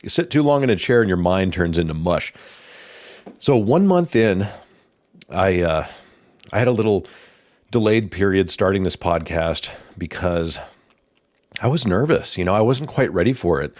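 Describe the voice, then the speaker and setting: A man hosting his own podcast, talking in a calm, thoughtful, casual way with pauses. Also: sits low, dry recording, clean studio sound. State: slightly out of breath. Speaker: podcast host. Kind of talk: casual reflective monologue.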